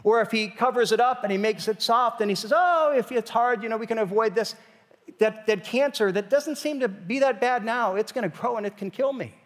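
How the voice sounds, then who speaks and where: A man's voice: high voice, in a large hall. A man preaching a sermon as pastor, in a conversational style that builds to emphatic questions.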